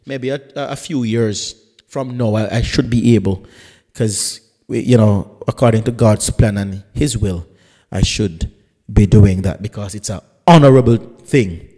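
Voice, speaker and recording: A man's voice: on the low side, a little slow, mellow, in a large hall. A man, a pastor hosting a live radio talk show, introducing his guest in a chatty, teasing way with rambling asides.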